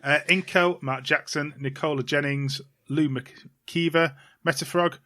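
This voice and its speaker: A man's voice: fairly high pitch, fairly even intonation, a little slow, sharp tone. A man from England co-hosting a casual podcast chat, reading out lists of names in a dry, offhand way. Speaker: podcast co-host.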